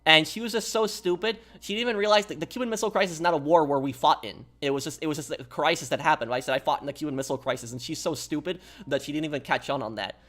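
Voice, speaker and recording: A man's voice: fairly high pitch, rapid-fire, few pauses. A man streaming a game and chatting casually with his viewers, rambling and repeating himself as he tells a story. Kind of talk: casual live-stream chat while gaming.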